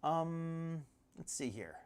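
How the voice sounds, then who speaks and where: A woman's voice: low-pitched, expressive, takes it slowly, darkish tone, clean tone. A woman hosting a live commentary stream, chatting loosely, laughing often and breaking off mid-sentence. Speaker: livestream host. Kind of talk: live commentary on social media clips.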